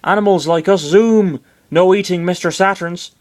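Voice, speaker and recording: A man voicing a small cheerful creature in a put-on West Country accent, in high chirpy broken phrases. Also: moderate pace, a little mellow, natural voice.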